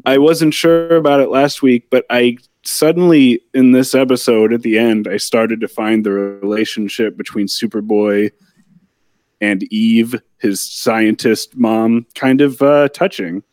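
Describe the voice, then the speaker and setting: A man co-hosting a podcast, chatting casually about a TV episode in a relaxed, candid, rambling way. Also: medium pitch, unhurried, dry recording. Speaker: podcast co-host. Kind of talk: casual TV episode review chat.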